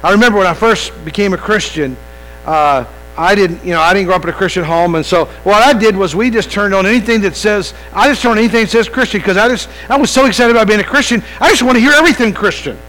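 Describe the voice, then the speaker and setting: A pastor speaks fast in a high, slightly bright voice during an evening sermon. He talks conversationally, restarts phrases, and questions the congregation directly. The recording is rough, with mains hum behind it.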